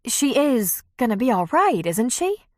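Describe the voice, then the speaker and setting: A woman's voice: a little high, sing-song, measured pace, dry recording, studio quality, voice pushed up. Woman voicing a flustered, apologetic bride-to-be. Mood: anxious. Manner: flustered, defensive. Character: anxious, apologetic young bride-to-be.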